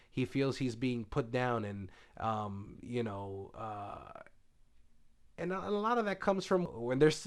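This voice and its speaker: A man giving a casual spoiler review, retelling scenes loosely with lots of fillers and now and then dropping into a hushed paraphrase of the characters. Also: mid-range voice. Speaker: TV show reviewer.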